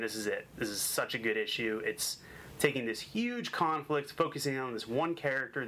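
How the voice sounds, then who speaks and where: Man from Boston, comic show host, bright voice, gushing and jokey, faint background hiss. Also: medium pitch, rough recording. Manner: energetic, joking, gushing. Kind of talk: enthusiastic comic review chat.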